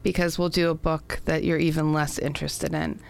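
Female co-host, smooth clear voice, dry teasing humor. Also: low-pitched, flat delivery, normal speed. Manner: teasing, dryly joking. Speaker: podcast co-host. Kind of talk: casual chat.

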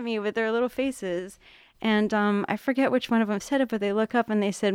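Middle-aged woman, teacher-mom storyteller, smooth voice, dry close mic. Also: mid-range voice, a little fast, dry recording. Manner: animated storyteller, acts out quotes. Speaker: art teacher and mother. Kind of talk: casual storytelling chat.

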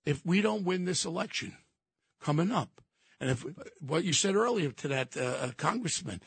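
A man calling in by phone as a regular guest on a talk radio show, ranting with passion and often shouting. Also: a little high, expressive, moderate pace, gravelly, breathy edge, no echo. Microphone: telephone.

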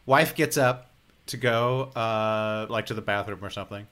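Lively, bright-voiced podcast host. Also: male voice, fairly low pitch, normal speed, clean tone. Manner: lively storyteller, laughs mid-sentence. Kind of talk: casual chat.

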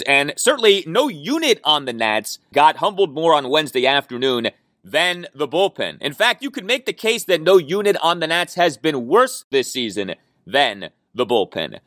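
A man's voice: a little high, fairly bright tone, no echo. A man hosting a sports talk podcast, giving an opinionated, stats-heavy rundown of a baseball game from a studio microphone. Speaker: podcast host.

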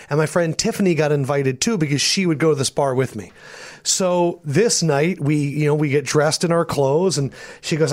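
Animated man telling a story on a podcast. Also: fairly high pitch, a little fast. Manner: animated, acts out voices in anecdotes. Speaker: podcast co-host. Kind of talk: casual storytelling.

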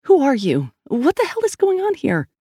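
A woman's voice: sits high, wildly swooping pitch, normal speed, dark tone, dry recording, clean studio sound, pitched above the performer's own voice. A narrator voicing a tough, wary female police detective who talks bluntly and demands answers, in an audiobook. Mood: demanding.

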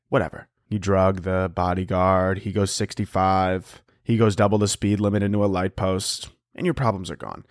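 A young man hosting a podcast, riffing in a profane, rambling comic monologue and often breaking into squeaky impressions. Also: normal speed, few pauses, dry recording, clean studio sound. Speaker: podcast host.

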